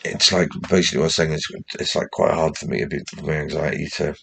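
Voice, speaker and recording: A man's voice: very deep voice, level tone, quick pace, gravelly, pushed and bright, slight background noise. A young man with a blend of West Midlands, Geordie and posh English accents, talking to his channel in a rambling, sweary, anxious way. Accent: mixed West Midlands, Geordie and posh English. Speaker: channel host. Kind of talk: casual vlog monologue.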